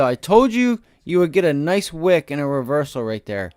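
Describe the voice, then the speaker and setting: A man's voice: very animated, moderate pace, hardly any pauses, dry recording, clean studio sound. Slangy, boastful male trading streamer. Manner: boastful, slangy, talks straight to viewers; swings between loud bursts and low mutters. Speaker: day-trading livestream host. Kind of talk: live stock market commentary.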